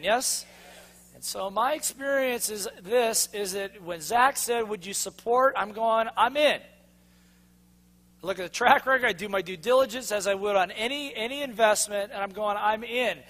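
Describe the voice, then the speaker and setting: A man giving an energetic motivational seminar talk, firing questions at a live audience and urging them to respond. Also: high-pitched. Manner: energetic, punchy, constantly asks the audience to respond. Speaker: motivational speaker.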